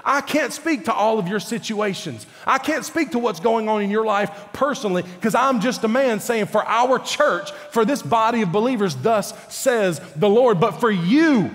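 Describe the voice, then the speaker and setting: A pastor preaching to his church in a high, bright-pitched voice, earnest and pleading, then pressing hard on key words. His voice rings out with a long reverb through the church hall. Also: expressive, normal speed, few pauses. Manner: earnest, pleading, rises to forceful emphasis. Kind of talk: sermon. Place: church sanctuary.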